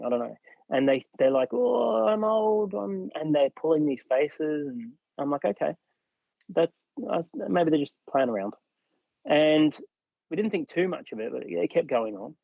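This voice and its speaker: An Australian man with a medium-pitched, lively voice, vocal fry, and a breathy edge speaks at normal speed. On a podcast he recounts something he went through, voicing others' lines, and the audio is dull with no echo.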